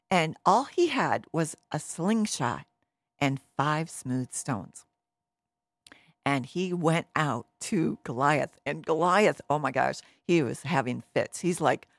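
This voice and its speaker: A woman telling a Bible story in an animated, casual way, with many fillers. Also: low-pitched, unhurried, no echo. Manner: lively, with many fillers and restarts.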